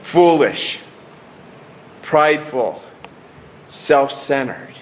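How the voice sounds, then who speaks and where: A man's voice: mid-range voice, animated, slight background noise. A middle-aged man preaching a sermon in an earnest way, often restarting and trailing off at the ends of phrases. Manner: earnest, with many restarts and falling pauses.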